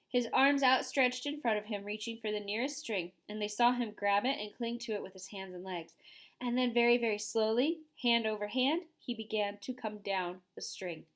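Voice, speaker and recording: A woman reading a children's storybook aloud in an animated, expressive way. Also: fairly high pitch. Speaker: reader.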